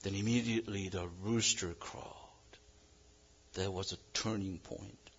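A male pastor preaching a sermon in English that is not his first language, swinging between loud emphasis and a quiet hush. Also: low voice, fairly even intonation, unhurried, husky, lo-fi sound. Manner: non-native English phrasing.

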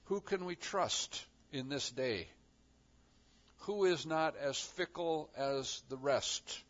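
Slow-talking preacher man, dull lo-fi sound. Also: fairly high pitch. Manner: animated, acts out voices of God and listeners. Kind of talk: sermon.

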